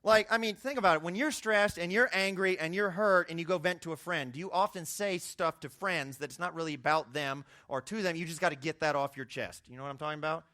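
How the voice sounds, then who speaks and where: A young man preaching a conversational sermon, his voice jumping high when he makes a point. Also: brisk, hardly any pauses, sharp tone, dry recording, studio quality. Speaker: youth pastor.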